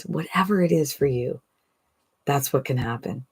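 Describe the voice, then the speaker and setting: A woman in her sixties giving an enthusiastic, persuasive direct-to-camera sales pitch as an online business coach, often asking "right?". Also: normal speed, husky. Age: 60s.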